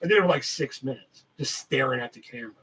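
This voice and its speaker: A man's voice: mid-range voice, fast talker, a bit bright, slightly rough, far from the mic, low-quality recording. A man hosting a live podcast, telling rambling stories in casual, heavily profane chat. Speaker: podcast host.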